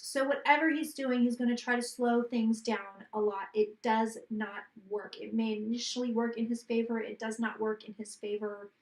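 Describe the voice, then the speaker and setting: A woman psychic giving a reading, rattling off predictions in a rapid, run-on way and repeating points for emphasis. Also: on the high side, roomy sound. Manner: rapid run-on delivery, talking like an auctioneer; emphatic, repeating lines for stress. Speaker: psychic reader. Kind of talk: live tarot reading.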